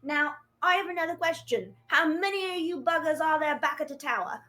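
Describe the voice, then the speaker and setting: A cheery adventurer in a put-on cockney grills a captured goblin, played by a woman. The voice is high and bright. It is a tabletop role-play. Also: lively intonation, fairly quick. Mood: wry.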